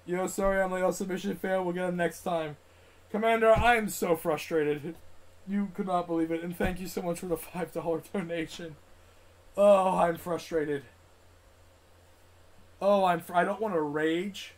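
A man's voice: high-pitched, steady tone, moderate pace. A young man live-streaming a game, frustrated, swearing, and talking both to himself and to his chat. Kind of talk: live gameplay commentary.

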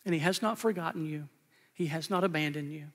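A man's slightly high, fairly bright voice moves at a fairly quick clip as he preaches a live sermon in a church sanctuary. He is a pastor, earnest and emphatic, leaning on repeated phrases for weight, and the recording carries a long church-hall reverb.

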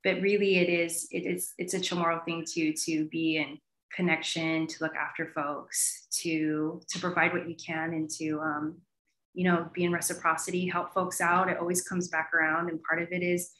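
A woman talking as an academic guest in an animated interview, with plenty of fillers. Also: lowish voice, normal speed. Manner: animated, many fillers like "you know". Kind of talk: conversational interview answer. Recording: roomy echo.

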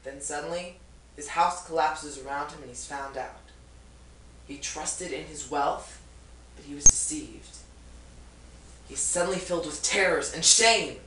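A woman's voice: low voice, unhurried, long pauses, a bit bright, slight background noise. A woman playing Job's friend, a lecturing, reproachful older woman in a stage play, recorded in an echoey room from far off.

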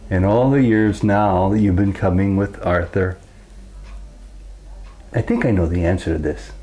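A male interviewer asking gentle questions, with brief encouraging murmurs in between. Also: sits low, measured pace.

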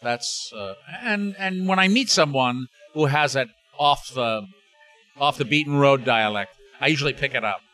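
A man's voice: medium pitch, moderate pace, sharp tone, soft background music. An older man, an actor, chatting as an interview guest, rambling with many restarts and fillers. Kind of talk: casual interview chat.

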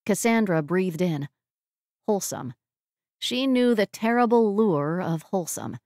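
A woman reading a romantic comedy audiobook as narrator, in an even storytelling manner. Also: medium pitch, unhurried, no room sound, studio quality. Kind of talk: scripted narration.

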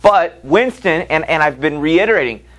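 A man's voice: fairly high pitch, expressive, moderate pace, fairly bright tone, poor audio. A male teacher giving a literature lecture, reading passages aloud and asking the class rhetorical questions in a conversational way.

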